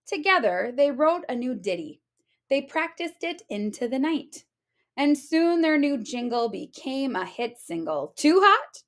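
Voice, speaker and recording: A woman teacher reading a rhyming picture book aloud with a sing-song delivery. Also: high-pitched. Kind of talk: storybook read-aloud.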